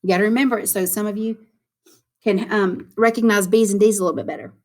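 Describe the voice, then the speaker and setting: A woman teaching young children their phonics, in a sing-song, encouraging classroom voice. She stretches out words and sounds slowly so small kids can follow along, and her pitch sits in an everyday middle range. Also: fairly even intonation, noisy background.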